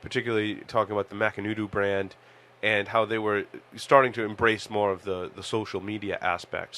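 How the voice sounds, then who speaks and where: A man co-hosting a podcast, chatting casually in a relaxed, rambling way with fillers. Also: fairly low pitch. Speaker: podcast co-host. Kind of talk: casual chat.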